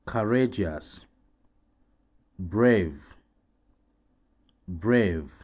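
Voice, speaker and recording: Rwandan-accented male teacher, low and mellow, deliberate repeat-after-me delivery. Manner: very slow, deliberate, repeats each word twice. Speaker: English teacher. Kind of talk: slow vocabulary drill with translations.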